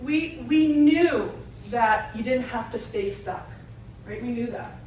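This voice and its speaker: A woman's voice: a little high, animated, slow pace, a little mellow, a little hiss or hum. A woman speaking to a retreat audience in a conversational, joke-telling way. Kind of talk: talk to an audience. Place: retreat hall. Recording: echoey hall, distant mic.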